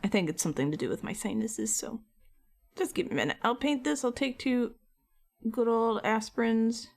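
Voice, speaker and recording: A woman's voice: a little high, expressive, moderate pace. A woman chatting loosely and rambling between topics while she crafts on a live stream. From United States. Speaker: art streamer.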